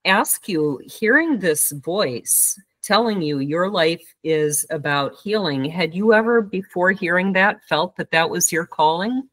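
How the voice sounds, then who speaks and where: A woman's voice: lowish voice, animated, unhurried, hardly any pauses, fairly bright tone, no room sound. A middle-aged woman hosting a podcast interview, listening attentively and affirming her guest. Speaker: podcast host.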